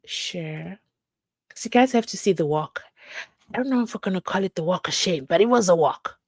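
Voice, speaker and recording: Reading comments from her viewers, this South African livestream host responds with animated energy, snatches of singing, and playful asides on a casual stream. She speaks at a fairly low pitch and normal speed, and the recording is dry.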